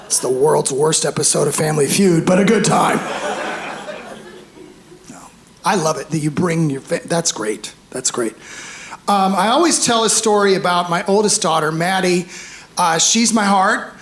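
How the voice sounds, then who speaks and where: A man in his fifties performing a stand-up comedy set on a club stage, animated, acting out voices and shouting punchlines. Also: on the high side, normal speed. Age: 50s. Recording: roomy live club sound with faint crowd noise. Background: audience laughter.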